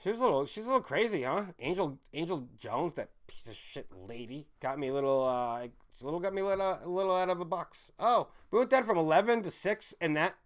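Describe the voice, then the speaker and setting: A man hosting a live stream, ranting in a heated, profane way that swings between shouting and muttering. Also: a little high, expressive, fairly quick, few pauses.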